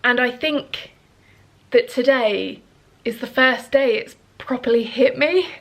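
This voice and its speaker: Speaking slowly in a steady, somewhat bright voice on the high side, this thirties woman talks to her camera at home. She's earnest and chatty, wandering off with fillers, and she sniffles as emotion gets to her.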